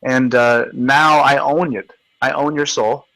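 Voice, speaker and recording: A man's voice: mid-range voice, steady tone, unhurried, bright, forceful tone, no room sound, low-quality recording. A man hosting a live video chat, ranting in a combative, profane, taunting way. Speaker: livestream host.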